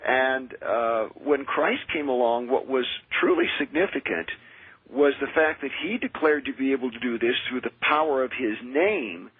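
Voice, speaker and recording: A man who is a minister and exorcist, telling his experiences in an earnest, measured way as a radio interview guest. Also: mid-range voice, expressive, husky, no echo. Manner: earnest, measured, with frequent restarts. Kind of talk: radio interview, personal storytelling. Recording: tinny dry phone line.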